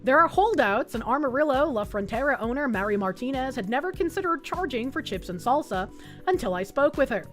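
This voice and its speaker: A woman's voice: high voice, expressive, a little fast, fairly bright tone, faint music behind. An American woman streaming, reading an article aloud and chatting with a rambling, profane, laughing manner. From United States.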